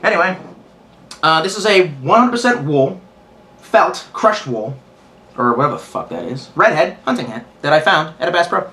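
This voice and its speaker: Crude, animated young man rambling. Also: a little high, moderate pace. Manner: crude, sarcastic, profane, rambling. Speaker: vlogger. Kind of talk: casual rambling monologue.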